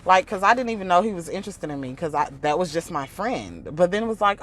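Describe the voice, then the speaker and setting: A woman vlogger with a lowish, expressive voice talks briskly and barely pauses. Her casual reaction rant is exasperated and mocking, with frequent laughter and quoted asides where she imitates other people.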